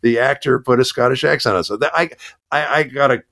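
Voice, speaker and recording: A man's voice: medium pitch, a little fast, creaky, fairly bright tone. A man who works as a voice actor, telling stories in a casual interview, with many fillers and restarts. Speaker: voice actor guest.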